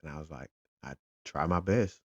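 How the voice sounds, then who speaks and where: Deep-voiced dad telling a story. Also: male voice, moderate pace, dry recording, highs cut off. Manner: animated, retells conversations in quotes. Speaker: father and football fan. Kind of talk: casual storytelling vlog.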